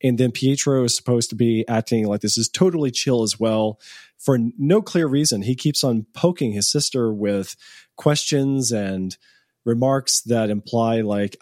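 A man's voice: medium pitch, measured pace, a little mellow, no room sound, studio quality. A man co-hosting a casual show recap, talking through the plot in long, run-on sentences.

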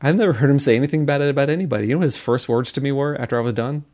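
A middle-aged man, a scientist and speaker, talking casually in an interview and telling lively stories. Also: medium pitch, racing. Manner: animated storyteller, acts out quotes, laughs often.

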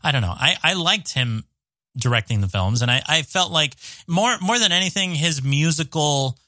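A man as a podcast guest in a casual film chat, halting and repeating words as he enthuses. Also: fairly high pitch, lively intonation, bright, forceful tone, no room sound.

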